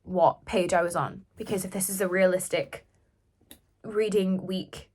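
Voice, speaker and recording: At home, a young book vlogger talks casually and effusively to her camera. Her voice is lowish and a bit mellow, with a steady tone and a slightly slow pace.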